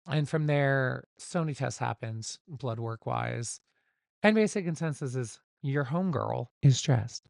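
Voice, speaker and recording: A man with a gravelly, medium-pitched voice talks fairly quickly as host of his own unscripted solo podcast. He rambles candidly and swears casually, and the home recording has clean studio sound with no room sound.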